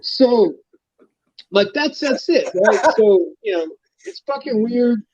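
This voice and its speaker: A man's voice: high-pitched, animated, slow, a little mellow, dry recording. A man telling a comic story as a guest, swearing freely and playful. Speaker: guest knight. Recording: dull lo-fi dry sound.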